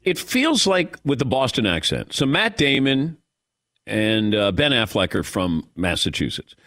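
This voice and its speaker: Male radio host, casual and lively, close dry studio mic. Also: mid-range voice, unhurried, no echo. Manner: lively, laughs often, takes calls.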